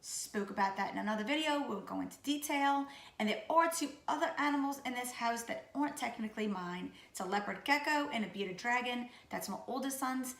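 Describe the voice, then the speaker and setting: Woman late 30s, Louisiana accent, raspy sick voice, goofy chatty vlog, roomy echo. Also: on the high side, lively intonation, brisk, fairly bright tone. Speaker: vlogger. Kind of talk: casual chat to camera. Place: room at home.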